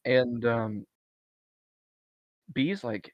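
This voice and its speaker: A man co-hosting a podcast, retelling a film's plot in a casual, animated way. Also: mid-range voice, slow, no room sound, lo-fi sound. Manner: animated retelling, briefly acting out lines from a film. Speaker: podcast co-host. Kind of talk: casual movie recap chat.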